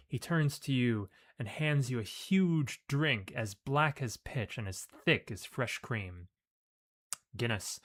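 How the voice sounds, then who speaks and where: This is a man with a medium-pitched, slightly bright voice, casually reading a video game's story text while he plays. He emphasizes words loosely and adds offhand asides.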